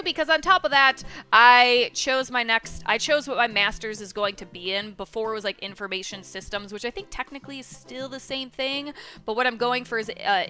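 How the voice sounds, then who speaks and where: A young woman rambles through a casual vlog with a bright, slightly high voice. She swears freely and pokes fun at herself. Soft music plays faintly behind her. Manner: rambling, profane, self-deprecating. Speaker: vlogger.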